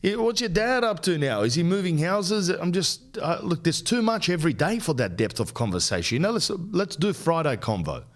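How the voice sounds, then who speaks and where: A man's voice: fairly high pitch, big pitch swings, normal speed, few pauses. An Australian podcast host, a young adult man, in a crude, rambling, mock-outraged comedic rant.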